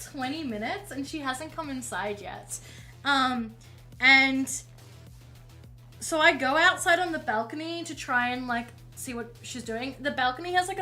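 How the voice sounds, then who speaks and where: A woman's voice: sits high, pushed and bright. A young woman streamer telling a long casual story, rambling and swearing, with frequent self-interrupting asides.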